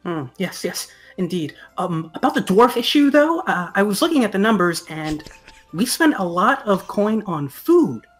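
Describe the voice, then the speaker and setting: A woman voicing a nervous, scheming gnome pirate captain who stammers and flatters. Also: medium pitch, normal speed, slightly rough, soft background music.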